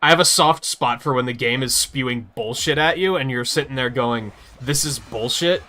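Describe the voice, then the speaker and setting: A man with a mid-range voice hosts a live game stream, talking a little fast. He chats casually while gaming and goes on animated, swear-filled rants.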